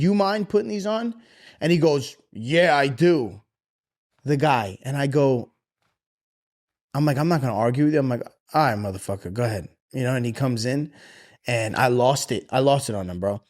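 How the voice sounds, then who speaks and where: A podcast co-host in his thirties tells a story during casual chat, swearing freely and animatedly acting out the voices of the people involved. His pitch is medium and his speed normal.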